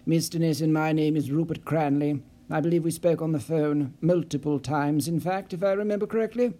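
A cold, authoritative investigator who gives orders and expects obedience, as voiced by a male audiobook narrator. His delivery is clipped and unsympathetic, and his voice is a touch high with a mellow tone. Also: steady tone, fairly quick, close to an everyday voice. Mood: stern. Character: stern, commanding male investigator. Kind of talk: audiobook character voice.

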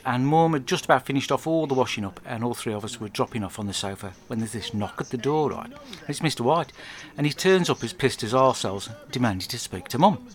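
A man's voice: mid-range voice, a bit bright. Blunt, crude man telling stories. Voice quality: crude, blunt, rambling storyteller. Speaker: comic monologue narrator. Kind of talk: deadpan comic video diary.

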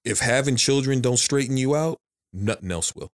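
A man's voice: medium pitch, moderate pace. A man who is a father of three, talking frankly and emphatically in a casual podcast conversation, repeating his phrases as he goes.

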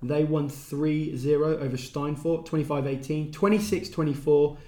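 Man, slightly high voice, casual sports co-host, chatty, roomy echo. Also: fairly even intonation, moderate pace, warm tone. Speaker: co-host reading sports results. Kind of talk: casual podcast chat. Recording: echoey room.

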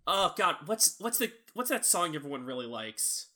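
A man's voice: a little high, sing-song, moderate pace, bright, forceful tone. A young man co-hosting a podcast, chatting casually with a critical, teasing edge. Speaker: podcast co-host. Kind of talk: casual chat.

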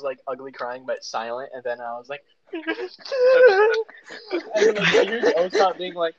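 A man's voice: mid-range voice, huge pitch swings, moderate pace, pauses often, over a noisy crowd. A young man co-hosting a podcast, telling a personal story in a rambling way, full of "like" and restarts. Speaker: podcast co-host. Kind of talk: casual storytelling. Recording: dull lo-fi podcast audio.

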